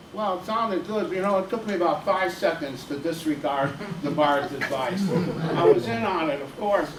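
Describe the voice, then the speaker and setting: A man, a teacher and playwright, performing a solo stage monologue with halting speech full of fillers. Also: high voice, a little hiss or hum. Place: stage in a theater. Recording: echoey room, distant mic, faint ambience.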